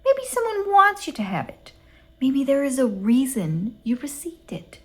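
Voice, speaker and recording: A dreamy, excitable younger sister, as a woman puts her on, her voice lifting high with wonder. She gushes in a lively, breathless storybook lilt. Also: unhurried, heavily acted. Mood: excited. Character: wide-eyed hopeful younger sister.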